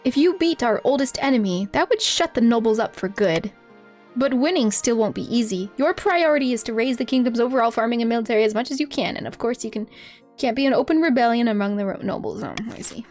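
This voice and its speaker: A woman's voice: on the high side, animated, fast, a little mellow, soft background music. A young woman streaming a game, reading its text aloud and chatting playfully with a giggly manner. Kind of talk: casual game stream commentary.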